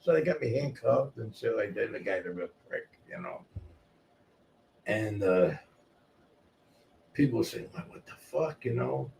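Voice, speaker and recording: Gravelly, profane New storyteller man. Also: lowish voice, unhurried, long pauses. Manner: profane, animated, swings from shouting to murmuring. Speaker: guest storyteller. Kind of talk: casual storytelling. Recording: distant mic with faint noise.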